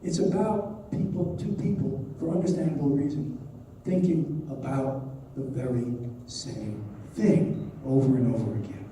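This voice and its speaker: A man's voice: mid-range voice, measured pace, warm tone, distant mic, a little hiss or hum. Man lecturing in an echoey hall. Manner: explanatory, reads passages aloud. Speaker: professor. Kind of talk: university lecture.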